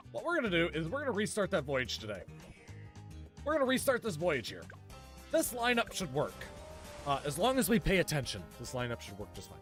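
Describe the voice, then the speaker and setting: A male streamer talks casually to his chat while he plays, joking and sarcastic. His voice is bright and swings up and down a lot, with pitch sitting a little high. Faint game music runs underneath.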